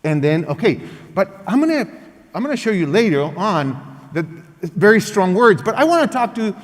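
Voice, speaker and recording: A man with a high, very lively voice leads a parenting workshop, speaking in an emphatic, animated teaching manner with non-native English phrasing. His words ring out with the long reverb of a large church hall. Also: normal speed. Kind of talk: lively teaching talk acting out parent and child lines.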